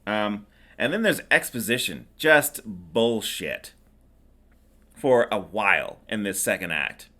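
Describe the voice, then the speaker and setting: A man's voice: lowish voice, expressive, slow, sharp tone. A middle-aged man hosting a podcast, recapping a movie in a rambling, sarcastic way with plenty of fillers. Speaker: podcast host. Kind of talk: casual movie recap chat.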